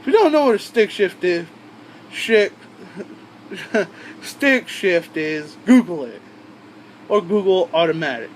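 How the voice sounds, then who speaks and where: Young male vlogger, high voice, rambling and crude, faint hum behind. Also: lively intonation, takes it slowly, long pauses, poor audio. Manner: rambling, profane, with frequent asides and restarts. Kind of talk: rambling casual storytelling.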